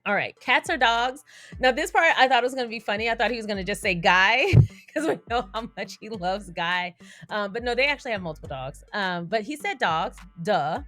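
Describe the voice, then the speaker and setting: A woman's voice: medium pitch, expressive, fairly quick, bright, forceful tone, dry recording, soft background music. A young adult woman hosting a casual commentary vlog, chatty, with slangy asides and frequent laughter. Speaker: YouTube commentary host.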